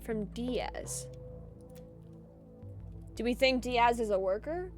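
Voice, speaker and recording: A young adult woman streaming a game, chatty and thinking aloud, with loud excitable outbursts. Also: a little high, slow pace, faint music behind. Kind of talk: gaming stream commentary.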